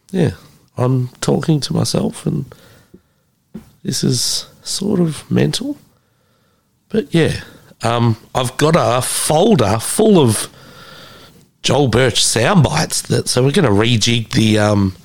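Rambling sweary man, gravelly. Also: mid-range voice. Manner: rambling, sweary, with many ums. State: recovering from covid. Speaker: podcast host. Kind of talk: casual solo podcast sign-off.

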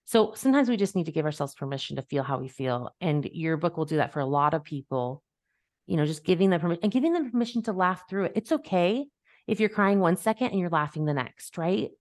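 A woman's voice: fairly low pitch, expressive, fast, dry recording, studio quality. A woman hosting a podcast as a life coach, talking casually and animatedly, acting out quoted voices and laughing easily. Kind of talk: casual conversational chat.

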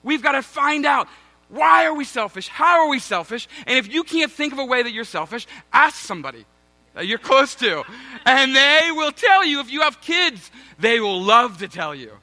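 A male pastor in his thirties preaches with a high voice and a bright, ringing tone. He tells a story against himself, mocks himself, and keeps turning to the congregation in a chatty, casual way. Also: big pitch swings, normal speed. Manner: self-mocking, conversational, addresses congregation as guys. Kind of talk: sermon with personal story.

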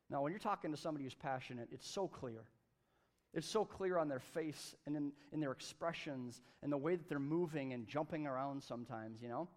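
A man preaching a sermon at a church service, energetic and conversational, with playful asides. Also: on the high side, moderate pace. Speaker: pastor.

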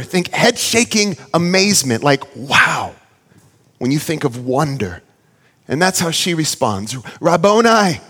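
A pastor in his thirties delivers an earnest sermon, his voice sitting a bit high and swinging widely in pitch. His words ring out with a long reverb from a large hall. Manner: earnest storytelling, animated when quoting his child.

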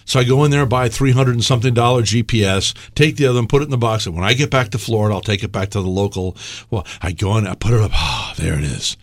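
A middle-aged man hosting a casual talk, telling stories with lively, acted-out quotes. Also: medium pitch, fast talker, no echo, studio quality. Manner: animated storyteller, acts out quotes loudly. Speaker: podcast host. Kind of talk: casual conversation and storytelling.

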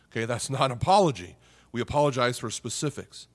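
A middle-aged man preaches in a relaxed, conversational way, his voice sitting at an ordinary middle pitch. He checks in with the listeners constantly, and he lets his voice sink low and soft when the subject turns painful. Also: brisk. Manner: conversational preaching, tags lines with "okay?" and "right?"; drops softly on serious points. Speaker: pastor. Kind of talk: sermon.

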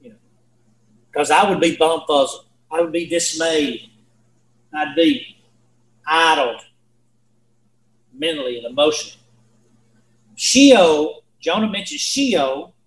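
A man's voice: on the high side, expressive, takes it slowly, pauses often, echoey room, poor audio. A man teaching a Bible lesson in a folksy, earnest way, repeating himself and asking his listeners questions. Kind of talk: sermon.

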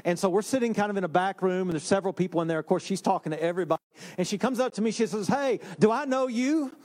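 A man, a pastor, preaching a sermon in a relaxed storytelling way with self-deprecating humor. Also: sits high, rapid-fire. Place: church sanctuary.

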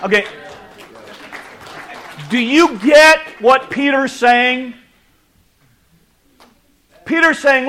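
Man, pastor, sermon, high voice, playful, animated. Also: very slow, pauses often, some chatter behind. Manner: animated, playful, acts out quotes. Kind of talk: sermon with audience demonstration.

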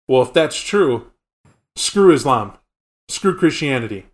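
A man's voice: mid-range voice, expressive, measured pace, fairly bright tone. Man rambling through game lore. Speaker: podcast co-host. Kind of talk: casual tabletop game lore chat.

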